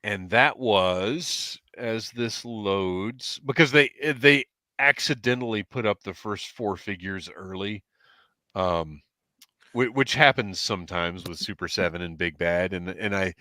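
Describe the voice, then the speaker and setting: A man's voice: lowish voice, a little slow, pushed and bright, dry recording, clean studio sound. A man hosting a casual livestream podcast over a headset from home, chatting and reading out viewer comments. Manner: chatty, reads chat comments aloud. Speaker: podcast host.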